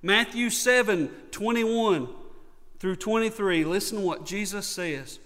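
A man's voice: high voice, a little slow, fairly bright tone, in a large hall. A man from North Carolina with a Southern accent, preaching a sermon earnestly and repeating key points for emphasis. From North Carolina, USA. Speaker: pastor.

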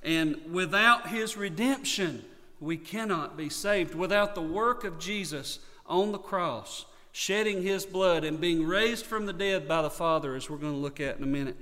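High-voiced Southern man preaching. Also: normal speed, pushed and bright, big-room sound. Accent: North Carolina Southern. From North Carolina, USA. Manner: earnest preaching with emphatic repetition. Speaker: pastor. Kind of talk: sermon.

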